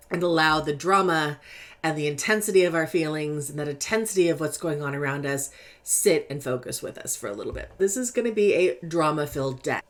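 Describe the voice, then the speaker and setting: A Californian woman with a low voice and a California accent chats casually while reading tarot cards at a normal pace. She's lively and talkative, laughs easily, and punches her words with animated emphasis, as if interviewing her tarot deck.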